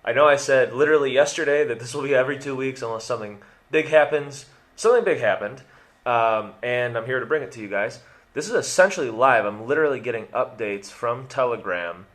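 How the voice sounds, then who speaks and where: A man's voice: mid-range voice, a little fast, fairly bright tone. A young man hosting a casual crypto update video, rambling and correcting himself as he goes, with jokey asides and a case of the hiccups. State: has the hiccups.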